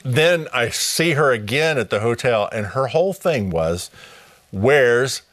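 A middle-aged man hosts a live Bible study broadcast, sounding upbeat and welcoming as he reads scripture aloud and slowly repeats contact details. His mid-range, fairly bright voice swings widely in pitch, with no room sound.

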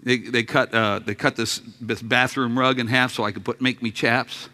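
A male pastor preaching from the pulpit with a bright, forward voice. He tells an anecdote full of jokes, sinking to hushed lines and then bursting out loud. A faint hum sits under the sound. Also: mid-range voice, fairly even intonation, moderate pace. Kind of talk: sermon. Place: church sanctuary.

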